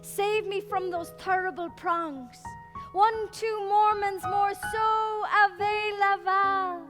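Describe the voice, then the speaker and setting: A woman's voice: very high voice, fairly even intonation, voice pushed up. A woman reading as Anna Livia, the weary river. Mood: wistful, sorrowful. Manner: lilting, incantatory, drawn-out phrasing. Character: weary aging river-woman flowing to sea. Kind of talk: literary reading over music. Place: public library event. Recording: live reading with clear music behind.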